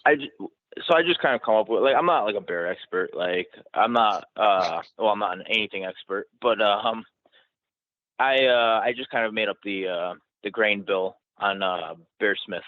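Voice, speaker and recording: Podcast host: relaxed self-deprecating male, fairly low voice, thin phone-line audio. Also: moderate pace, dry recording. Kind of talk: casual conversation.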